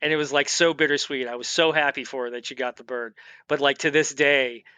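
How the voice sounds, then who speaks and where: A man's voice: mid-range voice, steady tone, brisk, bright, forceful tone, clear, resonant tone, no room sound. A man guest on a podcast, casually telling a rambling story full of restarts and acted-out quotes. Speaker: guest, firearms expert and veteran.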